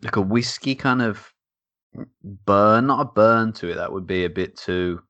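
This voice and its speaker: Deep-voiced bloke rambling about beer. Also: male voice, a little slow, a bit bright, dry recording, lo-fi sound. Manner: rambling, jokey, many fillers. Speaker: beer podcast host. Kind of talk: casual chat.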